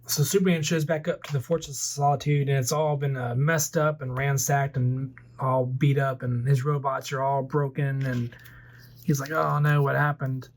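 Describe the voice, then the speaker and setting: A man's voice: medium pitch, level tone, normal speed, darkish tone. A man in his forties, a toy collector hosting a video, recapping a movie casually with lots of fillers. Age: 40s. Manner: rambling, many fillers.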